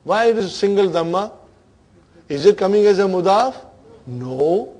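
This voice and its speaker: A man teaching an Arabic grammar class, quizzing his students with repeated questions and murmuring quiet words of praise. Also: high-pitched, lively intonation, unhurried.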